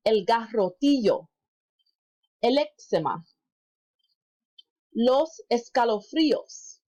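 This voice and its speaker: A woman as an instructor in a recorded lesson, patiently repeating words slowly for learners and correcting herself aloud. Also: a little high, darkish tone, lo-fi sound. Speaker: Spanish instructor.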